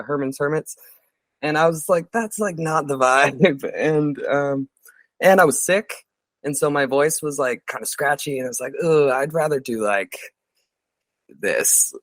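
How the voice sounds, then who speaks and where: A man in his thirties telling stories as a podcast guest in a casual, rambling way, full of fillers and lively impressions of other people. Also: medium pitch, no echo. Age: 30s. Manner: rambling, filler-heavy, animated quoting of others. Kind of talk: casual storytelling interview. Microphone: podcast studio mic.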